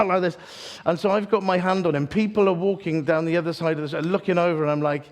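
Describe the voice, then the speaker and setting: A man preaching a storytelling sermon, animated and self-mocking, acting out the voices in his story. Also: high-pitched, a little fast. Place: church hall, live audience.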